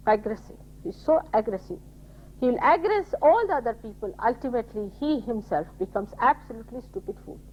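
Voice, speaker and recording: An older woman giving a spiritual talk to her followers, telling stories with quoted dialogue and scolding in an animated way. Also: on the high side. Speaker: spiritual teacher. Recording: dull lo-fi 1980s tape.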